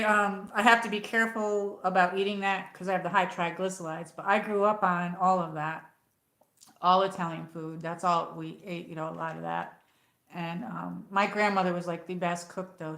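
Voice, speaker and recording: A woman's voice: medium pitch, fairly bright tone. A middle-aged American woman chatting casually on her livestream, rambling and reading viewer comments aloud. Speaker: livestream host. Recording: echoey room.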